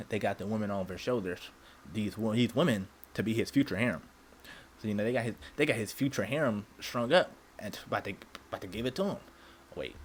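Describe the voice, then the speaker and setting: A man's voice: lowish voice, a little hiss or hum. A man giving casual anime commentary, rambling with lots of stammered restarts and slang.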